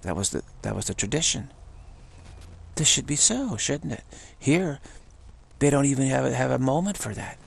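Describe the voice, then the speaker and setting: Recording himself at home, this spiritual teacher rambles through a casual spiritual talk, circling back to the same points and laughing softly. His medium-pitched voice is expressive and a bit rough with vocal fry, and he keeps a moderate pace.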